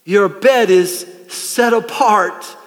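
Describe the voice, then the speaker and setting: A man preaching a lively, conversational sermon from a church stage, calling out to the congregation. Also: high voice, very slow, big-room sound. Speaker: pastor. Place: church sanctuary.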